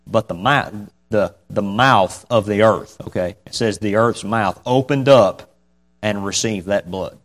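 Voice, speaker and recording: A man's voice: on the low side, normal speed. A man preaching a casual, folksy sermon. He reads scripture and then talks it through in a conversational way, chuckling between points.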